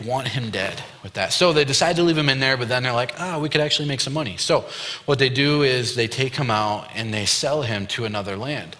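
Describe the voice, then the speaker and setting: A young man preaches to teens in a relaxed, chatty way, acting out bits of dialogue with plenty of "you know" and "like". His voice is bright and forceful. It rings out with a long reverb, as if in a big church hall. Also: medium pitch, a little hiss or hum. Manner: retells a story with loose quoted dialogue and fillers. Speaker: youth pastor. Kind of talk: casual youth sermon storytelling. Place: church youth room.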